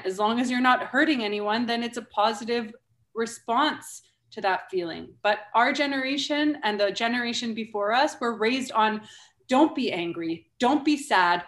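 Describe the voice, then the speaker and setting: Blunt woman guest, kinda high voice, swears a lot, echoey room. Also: a bit bright. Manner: blunt, swears freely, laughs often. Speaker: guest, founder of a mothers' group. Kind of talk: casual podcast conversation.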